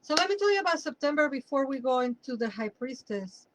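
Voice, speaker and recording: A woman's voice: sits high, big pitch swings, fast talker, background noise. Chatty woman with a Mexican Spanish accent. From Mexico City. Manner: chatty, rambling, drifts into personal asides. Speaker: tarot reader. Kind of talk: casual tarot reading for viewers.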